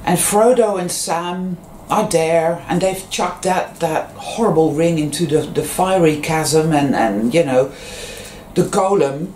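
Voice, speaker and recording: Casual and unhurried, a vlogger drifts through a spiritual monologue, peppering it with fillers, abandoning and restarting thoughts, and jumping up in pitch when a story picks up. The tone is darkish at a middle pitch. It's recorded in an echoey space with faint background noise.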